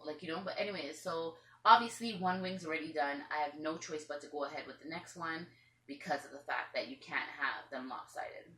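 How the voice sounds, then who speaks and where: Low, bright-toned woman vlogging chattily. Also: normal speed, roomy sound. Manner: chatty, rambling, acts out what others said. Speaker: parrot owner and vlogger. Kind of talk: casual storytelling to camera. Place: room at home with pet birds.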